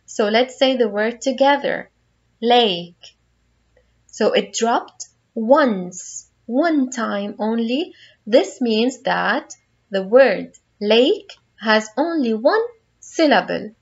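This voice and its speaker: A woman's voice: fairly high pitch, expressive, slow, dull audio. A woman teaching a phonics lesson to young children, patiently guiding them through each word step by step.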